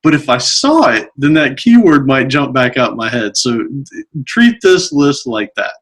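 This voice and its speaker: A man co-hosting a casual tech podcast, speaking in an emphatic, animated way. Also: mid-range voice, a little slow. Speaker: podcast co-host.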